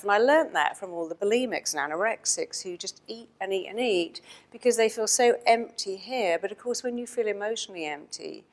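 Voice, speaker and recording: A woman with an English accent giving a storytelling keynote talk to an audience, animated and acting out the dialogue. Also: medium pitch, fairly quick. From England. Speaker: motivational speaker. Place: stage before an audience.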